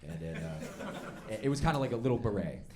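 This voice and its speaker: A man doing stand-up storytelling on stage, animated and laughing along as he acts out the voices in his story. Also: on the low side, fast, very noisy. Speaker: stand-up comedian. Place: comedy club stage before a live audience. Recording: stage mic with loud crowd laughter.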